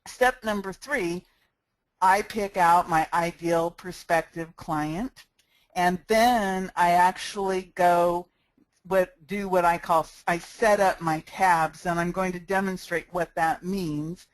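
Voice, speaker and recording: A woman's voice: lowish voice, steady tone, slow, no room sound, low-quality recording. A woman giving a step-by-step screencast tutorial into a cheap headset microphone, friendly and practical, talking with a smile. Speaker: sales marketing instructor.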